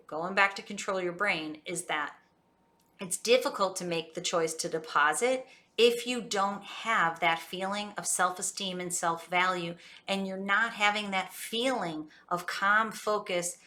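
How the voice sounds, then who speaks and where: Bright, energetic woman coach. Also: fairly low pitch. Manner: energetic, emphatic, acts out quotes. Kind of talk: motivational talk to camera.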